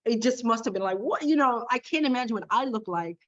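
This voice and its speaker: A woman guest telling a story in a casual, animated way, laughing along. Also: on the high side, fast. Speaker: podcast guest, makeup artist. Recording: dull lo-fi sound.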